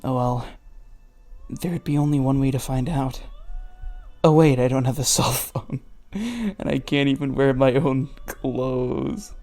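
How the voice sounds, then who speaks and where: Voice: medium pitch, unhurried, warm tone, soft background music. A reader reading fan fiction aloud and stopping often to mock the writing with sarcastic, swearing asides. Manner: sarcastic, swears, laughs at the text. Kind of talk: mocking read-aloud commentary.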